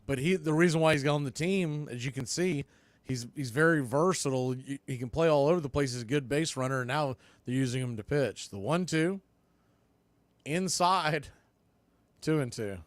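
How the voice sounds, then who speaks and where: A man doing casual live baseball play-by-play on a watch-party stream, chatting between pitches and often repeating words as he explains. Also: moderate pace, no echo. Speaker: play-by-play announcer.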